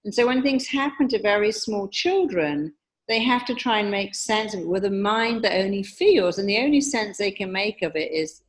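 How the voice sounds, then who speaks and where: A woman talks as an interview guest. She explains her ideas in a calm, emphatic, teacherly way. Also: medium pitch, moderate pace. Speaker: hypnotherapist and guest speaker.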